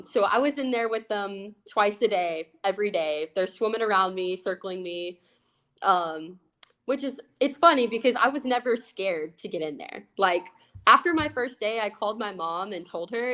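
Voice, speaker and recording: A young woman, an aquarist, telling a funny work story in a bubbly, excitable, casual way with plenty of fillers. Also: medium pitch, moderate pace. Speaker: aquarist guest.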